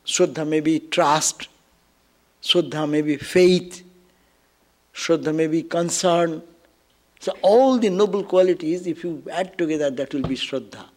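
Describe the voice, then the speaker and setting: A man with a somewhat high voice teaches a scripture story as a spiritual discourse. He stays animated and chuckles now and then. He stops often to make a point or to ask the listeners a rhetorical question. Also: measured pace. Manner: explains step by step with frequent rhetorical asides.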